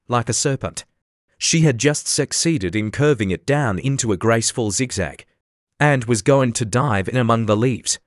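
A man reads a classic storybook in a measured, gently expressive way. His voice sits in a middle register, neither high nor low. It is recorded on a close mic, dry and without any echo. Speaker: audiobook narrator. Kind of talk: scripted storybook narration.

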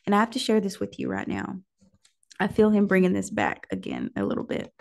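A woman, leading a prayer call and preaching prophetically, dropping to breathy whispers and rising into impassioned declarations. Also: medium pitch, sing-song, a little fast, a little mellow.

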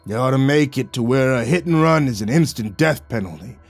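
Gruff, blunt heavy-set boss from a horror audio story, loud and coarse, played by a male narrator. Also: mid-range voice, lively intonation, fairly quick, no echo, soft background music.

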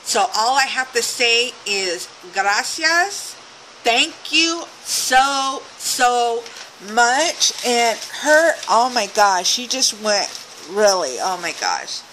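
A woman's voice: on the high side, animated, slow, bright, forceful tone, a little hiss or hum, low-quality recording. A woman craft vlogger opening a swap package, gushing and exclaiming as she goes. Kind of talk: casual unboxing chat.

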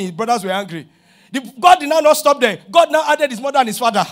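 Nigerian pastor, middle-aged man, very high voice, animated sermon delivery with bursts of shouting. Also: fast talker. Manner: animated preaching, shouting at peaks, acting out dialogue.

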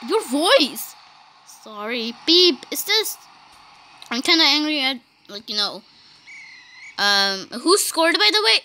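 A woman doing casual gameplay commentary, giggly and excitable, saying "beep" to bleep herself out. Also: high-pitched, slow, long pauses. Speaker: gaming YouTuber.

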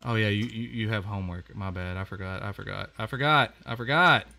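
A man giving casual let's-play commentary on a horror game, chatty and quick to exclaim, often repeating himself. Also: lowish voice, creaky, bright, forceful tone. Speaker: gamer playing a horror game.

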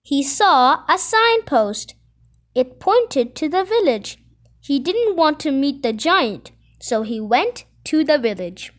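A woman with a high, lively voice reads a children's picture book aloud. She takes her time, lifting and dropping her pitch to keep young listeners hooked. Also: slow. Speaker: storyteller. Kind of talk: reading a children's storybook aloud.

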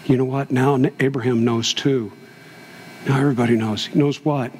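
A man's voice: mid-range voice, steady tone, normal speed, darkish tone, a little hiss or hum. A man preaching a sermon as pastor, telling a story and building to impassioned peaks. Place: church sanctuary. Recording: long hall reverb.

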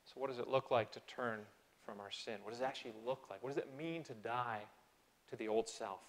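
A man preaching a sermon in church, earnest and conversational, swelling on key phrases and slipping into small restarts. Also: fairly quick. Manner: earnest, rises in pitch and loudness on key phrases. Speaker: pastor. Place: church sanctuary.

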